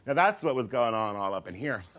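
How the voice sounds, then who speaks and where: A man's voice: mid-range voice, animated, a little fast, fairly bright tone, lo-fi sound. A man telling a comic personal story in a theatrical, campy way, acting out other people's voices with sassy asides. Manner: theatrical, acts out voices with big swings.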